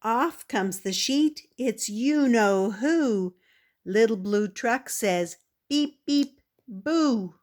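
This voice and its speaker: An older woman reading a picture book aloud to children as a grandmother, lifting her voice for the animal sounds. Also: slow. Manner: plays animal sounds in a higher, louder voice, with soft laughs.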